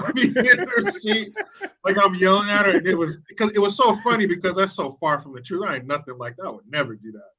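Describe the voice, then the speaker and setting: Bright-voiced man joking around. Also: high voice, very animated, quick pace, slightly rough. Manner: laughing, teasing, quotes himself in a raised voice. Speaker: podcast guest. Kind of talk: casual chat.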